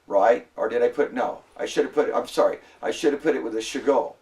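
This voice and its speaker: A man's voice: medium pitch, quick pace, darkish tone, far from the mic. A man lecturing a classroom as a Hebrew instructor, patient and repetitive, often prompting the students to answer.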